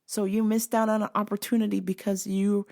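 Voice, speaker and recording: A woman's voice: mid-range voice, little pitch movement, a little fast, gravelly, darkish tone. A woman in her thirties telling blunt, profane stories in a casual vlog monologue. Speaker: vlogger and store clerk.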